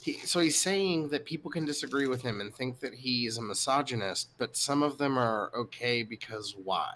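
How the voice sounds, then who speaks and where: A man's voice: mid-range voice, moderate pace, a bit bright, slight background noise. A man co-hosting a casual podcast chat, blunt and incredulous as he reads and picks apart a text. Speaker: podcast co-host.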